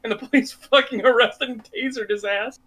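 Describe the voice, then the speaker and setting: A man co-hosting a casual podcast chat, talking bluntly and profanely with animated storytelling. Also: extremely high pitch, brisk, crowd noise. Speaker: podcast co-host.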